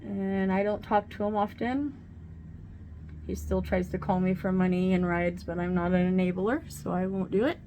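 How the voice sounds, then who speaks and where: A woman's voice: on the low side, steady tone, moderate pace, mellow, a little hiss or hum. A middle-aged woman vlogging casually at home while doing her makeup, talking candidly and swearing freely. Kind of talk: casual get-ready-with-me chat.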